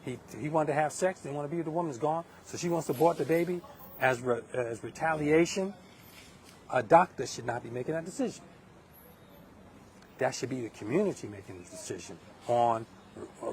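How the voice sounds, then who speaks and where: A man's voice: medium pitch, lively intonation, brisk. Emphatic middle-aged New man. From Hempstead, Long Island, New York. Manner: emphatic, preachy, restarts a lot. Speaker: livestream host. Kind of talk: live political monologue.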